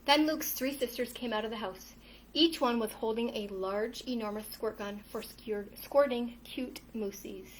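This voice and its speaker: Cheery kids yoga teacher lady, high voice, bit of room echo, faint hiss. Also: normal speed, distant mic. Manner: cheerful, keeps calling listeners "friends". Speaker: children's yoga instructor. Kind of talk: storybook reading with a kids' yoga class. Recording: roomy echo, faint noise.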